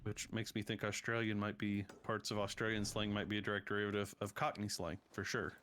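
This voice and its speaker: A man's voice: fairly low pitch, flat delivery, a little fast, fairly bright tone, a little hiss or hum. A man from the United States hosting a casual podcast, talking in a rambling, chatty way. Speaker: podcast host. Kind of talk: casual chat.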